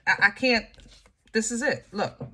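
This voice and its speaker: Bright, fired-up woman reading tarot. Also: a little high, animated, a little slow. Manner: emotional, frustrated, talks straight to viewers; drawling, with many fillers and restarts. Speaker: tarot reader.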